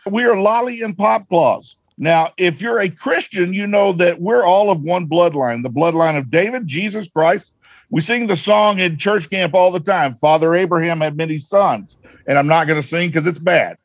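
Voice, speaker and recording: A man's voice: high voice, normal speed, dry recording. A man who works as a Santa performer, talking in a folksy, jovial and earnest way during a casual interview. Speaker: professional Santa performer, guest. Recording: slightly dull, lo-fi sound.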